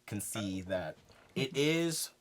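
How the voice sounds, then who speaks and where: A young man co-hosting a casual film podcast, animated and laughing as he makes his points. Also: on the low side, slow, crowd noise. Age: young adult. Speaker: podcast co-host.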